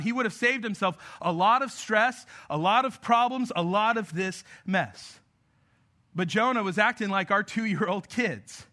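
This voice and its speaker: Man, pastor, sermon, very high voice, conversational and joking with the congregation. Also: bright, forceful tone.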